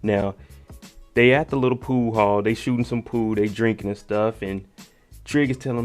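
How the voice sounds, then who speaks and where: A man's voice: lowish voice, fairly even intonation, moderate pace, a little mellow, soft background music. A man giving a casual, joking recap of a TV episode, talking slangy and aside to the viewer. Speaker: TV recap host.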